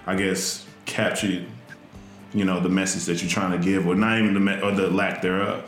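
A man's voice: low voice, flat delivery, moderate pace, a bit bright, roomy sound, soft background music. A man hosting a casual podcast interview, rambling and searching for his words as he asks questions. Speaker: podcast host.

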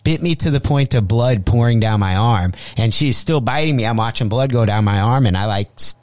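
A man's voice: medium pitch, a little fast, no echo. A male comedian telling a profane comic story as a guest, acting out the voices he quotes. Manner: animated, acts out quoted voices. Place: radio studio.

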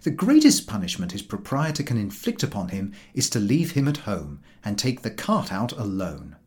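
A man's voice: on the low side, wildly swooping pitch, moderate pace. A man reading a humorous book aloud in a dry, ironic way. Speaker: audiobook reader.

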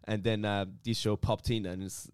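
Friendly Iranian-born man, smooth voice. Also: lowish voice, little pitch movement, moderate pace, no echo, clean studio sound. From Iran. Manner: friendly, laughs easily, restarts words. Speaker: podcast co-host. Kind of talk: casual chat.

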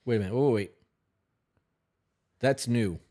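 A man's voice: medium pitch, moderate pace, mellow. A man co-hosting an advice podcast, talking bluntly and swearing freely. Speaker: podcast co-host giving advice. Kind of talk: casual advice chat.

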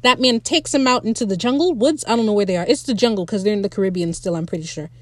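A woman with a mid-range voice talks fast on her podcast, recapping a TV episode in an excitable, casual rant. She swears freely and speaks directly to her listeners, and the recording is dry.

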